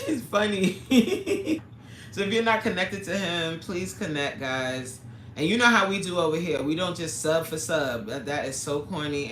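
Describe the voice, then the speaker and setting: A woman's voice: sits low, a bit bright, echoey room, slight background noise. A woman fitness coach hosting a casual livestream, reading viewer comments aloud with playful, slangy banter and frequent laughter.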